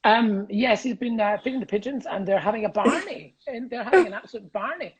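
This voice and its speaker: A middle-aged Scottish man, a comedian, telling cheeky anecdotes over a video call, quick and giggly, acting out voices in his stories. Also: high-pitched, lively intonation, crowd noise, rough recording. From Scotland. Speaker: comedian guest. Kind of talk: casual storytelling chat.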